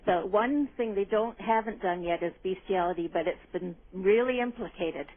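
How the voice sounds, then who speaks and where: A woman's voice: medium pitch, moderate pace. A woman calling in to a radio show, talking in a rambling, indignant way and often agreeing with "absolutely". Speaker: caller. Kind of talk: call-in radio chat. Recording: tinny phone line.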